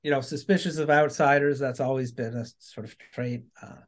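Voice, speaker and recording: A man's voice: medium pitch, fairly even intonation, brisk. A man from Maine in casual conversation, chatty, laughing often and restarting his sentences. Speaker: podcast guest. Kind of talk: casual chat.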